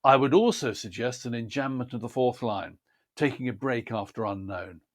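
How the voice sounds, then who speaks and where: A man explains poetry reading in a careful, precise teaching manner. His pitch sits in an ordinary middle range, and he lays out each point methodically. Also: moderate pace. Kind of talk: scripted instructional talk.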